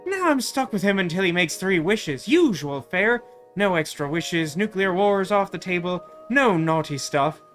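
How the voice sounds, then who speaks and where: A man's voice: high voice, big pitch swings, measured pace, a bit bright, faint music behind, heavily acted. A man voicing a touchy, vain male genie with a put-on Irish accent. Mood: preening. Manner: theatrical, preening.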